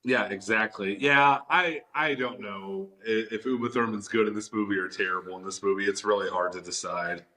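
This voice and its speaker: This movie-review co-host has a lowish voice, speaks at a moderate pace and barely pauses. His casual chat is enthusiastic and animated, with "like" used constantly as filler.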